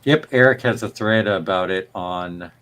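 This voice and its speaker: A man chats along on a live repair stream, quick and helpful, passing on tips from the chat. His voice sits a little low. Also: a bit bright. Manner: chatty, quick and helpful, reading out chat comments.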